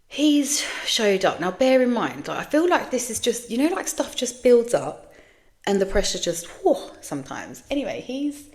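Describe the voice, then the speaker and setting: A woman's voice: a little high, very animated, moderate pace. A British woman in her thirties hosting a podcast, talking candidly in a frank, sweary, rambling monologue. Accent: British English. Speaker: podcast host.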